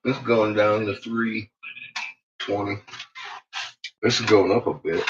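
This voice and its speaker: A man chatting casually to his viewers in a workshop, laughing a lot and swearing freely as he tells animated stories. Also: fairly low pitch, unhurried, noisy background. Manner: laughing, profane, animated storytelling. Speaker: vlogger. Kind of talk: casual chat. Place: workshop with a kiln. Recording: muffled lo-fi recording.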